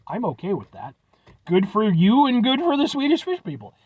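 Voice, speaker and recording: Man, high voice, rambling jokey vlog talk, casual swearing. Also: huge pitch swings, normal speed, husky, dry recording, dull audio. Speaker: food review vlogger.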